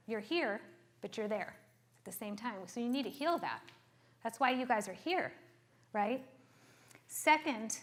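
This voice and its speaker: A middle-aged woman therapist giving a lively workshop talk, acting out quoted voices and checking in with "okay?". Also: medium pitch. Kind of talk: workshop talk to a live group.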